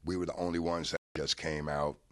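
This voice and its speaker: A man in a casual interview, telling anecdotes in a lively way, swearing freely and acting out the voices of people he quotes. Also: a bass voice, brisk, no room sound, studio quality. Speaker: interview guest, car rental businessman.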